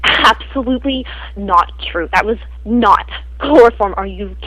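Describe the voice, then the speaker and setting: A woman's voice: mid-range voice, measured pace, a bit bright, no echo, poor audio. A woman voicing a defensive young woman who indignantly and evasively denies accusations in an improvised comedy spoof.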